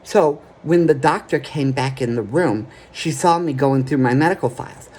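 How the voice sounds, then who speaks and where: A man's voice: medium pitch, normal speed, darkish tone. A man telling a personal story straight to camera in an earnest, emphatic way, often stopping to ask "okay?". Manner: keeps checking in with "okay?" between points; earnest, emphatic, plain-spoken. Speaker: vlogger.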